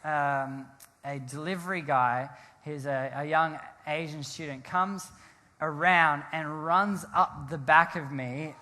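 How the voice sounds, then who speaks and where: A man, a pastor telling a rambling, animated story in a sermon, often laughing and restarting his sentences. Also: on the high side, slow pace. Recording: long hall reverb.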